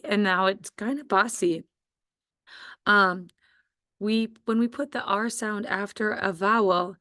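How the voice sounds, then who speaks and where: A woman teacher giving a slow, patient spelling dictation to first graders. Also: medium pitch, a bit bright, no room sound, studio quality. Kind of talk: spelling quiz dictation for young students.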